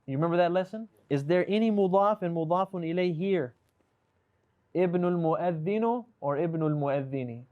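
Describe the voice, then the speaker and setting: In a narrow, tinny recording, a man with a high voice speaks at normal speed as he runs an Arabic class on a video call. He patiently quizzes and corrects students, blending English with Arabic grammar terminology.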